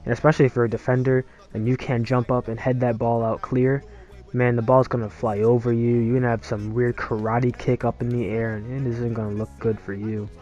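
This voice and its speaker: A man's voice: mid-range voice, level tone, fairly quick, darkish tone, dull audio, faint music behind. A young man from the United States venting in a casual, exasperated and sarcastic rant, recorded as a voice-over for a gameplay video. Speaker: YouTuber. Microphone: voice-over, no face cam.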